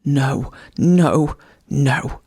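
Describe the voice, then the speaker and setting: A reader voicing a fanatically loyal male hunting dog who yelps loudly in a frenzy of devotion, read as a bedtime story. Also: mid-range voice, unhurried, gravelly, slightly rough. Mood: refusing. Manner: yelping, loud and frenzied.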